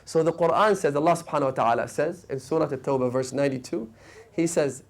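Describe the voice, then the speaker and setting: A man giving a sermon, telling stories with rising emotional peaks and sudden hushed drops. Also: fairly high pitch, fast talker. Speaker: preacher. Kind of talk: sermon lecture. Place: mosque lecture hall.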